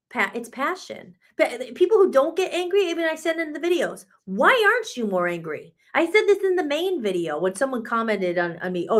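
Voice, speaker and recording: A woman co-hosting a live talk radio show, speaking with emphatic, sarcastic, profane frustration. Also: high-pitched. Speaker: radio co-host. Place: radio studio.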